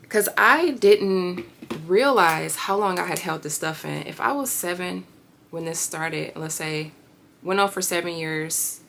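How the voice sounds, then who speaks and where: A woman in her thirties candidly telling a personal healing story, reflective and pausing often. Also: lowish voice, creaky, fairly bright tone, slight background noise. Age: 30s. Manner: reflective, with pauses and fillers. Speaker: vlogger sharing a healing story.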